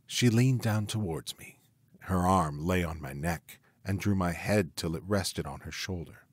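Guy with a lowish voice telling a story, steady and earnest, dry close mic. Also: a little slow, slightly rough, no room sound. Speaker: audiobook narrator. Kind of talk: scripted narration.

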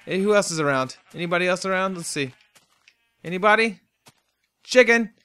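A young man from North Carolina narrates his let's play in a high voice. His tone is bright and sharp, and he rambles along and jokes with the farm animals in his game. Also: lively intonation, normal speed, clear, resonant tone. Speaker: gaming host. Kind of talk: casual let's play commentary.

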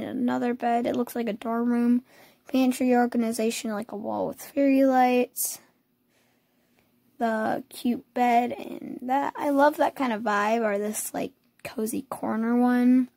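A young woman with a hoarse voice chatting casually as she scrolls through pictures, cooing over the cute ones. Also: fairly high pitch, mellow, no room sound. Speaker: vlogger. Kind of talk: casual screen tour.

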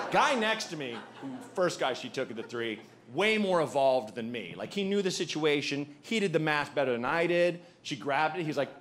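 A man doing a stand-up comedy set before a live audience, telling a story in an animated way and acting out the people in it. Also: a little high, moderate pace, noisy background.

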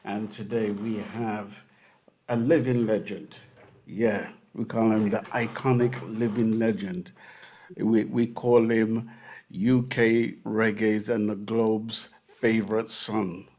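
A man's voice: on the low side, steady tone, slow, darkish tone. A man hosting a radio podcast, talking in an effusive, casual way and often repeating his words. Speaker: podcast host.

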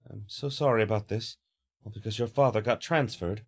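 A man's voice: on the low side, brisk, pitched below the performer's own voice. A man voicing a worried middle-aged mother who grumbles fretfully.

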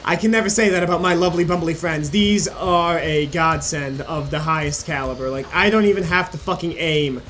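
A man's voice: a little high, a little fast, hardly any pauses, fairly bright tone. A young man hosting a gaming channel, rambling and joking with plenty of swearing as he comments on his play. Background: faint game music.

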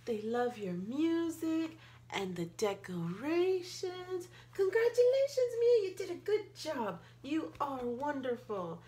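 A woman reading a picture book aloud to a child, playful, with gasps and excited outbursts. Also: sits high, takes it slowly. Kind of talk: animated read-aloud storytelling.

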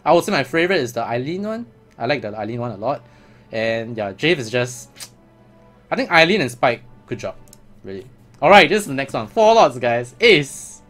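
A man's voice: medium pitch, big pitch swings, normal speed, fairly bright tone, soft background music. A man giving casual, chatty commentary as a gaming vlogger, laughing often.

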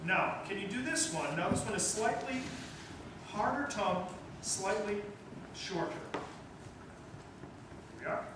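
High-voiced man coaching a band. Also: animated, a little slow, pauses often. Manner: coaching, encouraging, sings note syllables. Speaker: guest band conductor. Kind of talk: band rehearsal instruction. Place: school band rehearsal room. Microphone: distant room mic. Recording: echoey room from far off, noisy.

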